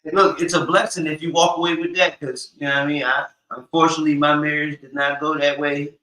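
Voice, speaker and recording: Bright-voiced man hyping in a roomy space. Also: on the high side, flat delivery, quick pace. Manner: hyping, promotional. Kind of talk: casual chat.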